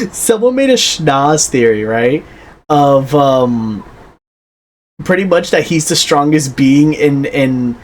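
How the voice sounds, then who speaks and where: A man's voice: fairly high pitch, big pitch swings, takes it slowly, low-quality recording. A young man co-hosting a casual podcast chat, rambling and joking with frequent laughs. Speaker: podcast co-host.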